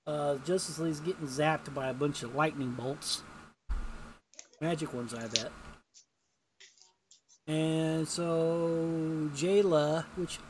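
A man's voice: on the high side, a little hiss or hum. A man co-hosting a casual podcast, recapping a comic in a rambling way and acting out the characters' lines in a raised voice. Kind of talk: casual chat.

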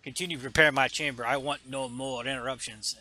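A man voicing a menacing, cold male dark lord who speaks in slow, clipped threats. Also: medium pitch, fairly even intonation.

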